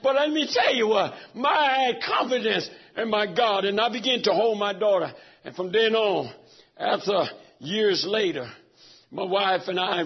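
A high-pitched, husky man preaching with raw feeling, his voice falling low and then breaking into shouts. The recording is dull and lo-fi, and he sounds middle-aged. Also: moderate pace. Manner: emotional storytelling, swings from hushed to shouting. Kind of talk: sermon.

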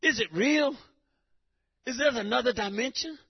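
A man giving a preaching testimony in church, emphatic and repetitive, breaking into shouts. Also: very high-pitched, normal speed, slightly rough. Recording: dull lo-fi recording.

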